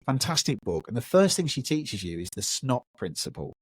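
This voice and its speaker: Fields: Sex: man. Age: 30s. Role: podcast host. Style: lively casual storytelling. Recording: dry, close. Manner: animated, acts out voices. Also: mid-range voice, fairly quick, husky, no echo.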